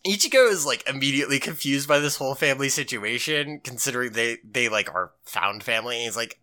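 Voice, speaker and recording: A man co-hosting a podcast, recapping an episode in loose, animated casual chat and swearing freely. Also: medium pitch, a little fast, hardly any pauses. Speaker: podcast co-host.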